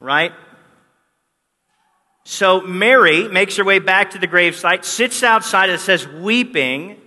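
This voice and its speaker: A man's voice: high voice, takes it slowly, bright, forceful tone. A man preaching a sermon, telling the story with animation and acting out the quoted lines. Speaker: pastor. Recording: long hall reverb.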